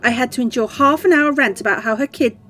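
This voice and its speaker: A woman's voice: high voice, quick pace, fairly bright tone, voice pushed up. A woman voicing a brusque, resentful young woman showing her cousin around an old house in a horror game. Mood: curt. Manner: brusque and impatient.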